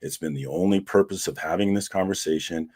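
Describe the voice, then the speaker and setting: A man's voice: deep voice, fairly quick, darkish tone. A man hosting a casual livestream, talking bluntly and with lots of swearing as he recounts an argument to his viewers. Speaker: host of a comic community livestream.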